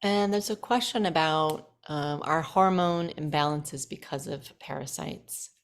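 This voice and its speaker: A woman with a notably low-pitched voice hosts a relaxed health chat. She talks listeners through practical tips in an instructive, list-like way. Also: measured pace. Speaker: host.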